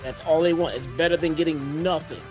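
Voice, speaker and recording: A man's voice: a little high, fairly quick, soft background music. A man co-hosting a casual wrestling review show, reacting with incredulous, exasperated remarks. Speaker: podcast co-host.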